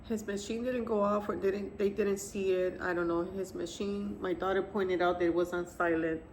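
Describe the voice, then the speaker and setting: A woman in her fifties, a grieving mother, telling the story of her son's death to camera in a soft, halting, tearful way. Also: mid-range voice, fairly even intonation, a little hiss or hum. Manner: soft, halting, tearful retelling with quiet pauses. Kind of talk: emotional personal testimony to camera.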